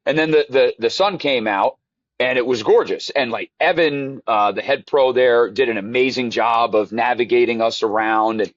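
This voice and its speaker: A man's voice: medium pitch, moderate pace, no room sound. Rambling, emotional male golf pro. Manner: emotional, rambling storyteller with many restarts. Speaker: golf instructor guest. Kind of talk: casual interview chat. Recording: dull lo-fi dry sound.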